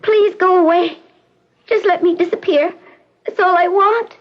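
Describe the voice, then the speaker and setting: An actress voicing a lonely, frightened young woman patient who pleads in a high, trembling voice, in 1970s radio drama acting. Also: fairly even intonation, measured pace. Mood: pleading frightened. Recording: dull old radio recording, faint hiss.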